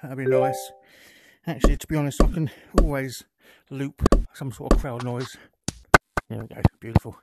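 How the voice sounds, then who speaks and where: A man's voice: mid-range voice, normal speed. A man giving casual gameplay commentary as he plays a VR game, thinking aloud while he adjusts settings, recorded on the headset's built-in mic. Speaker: VR gaming content creator. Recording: loud game crowd noise over voice. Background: loud cricket crowd and bat clicks from the game.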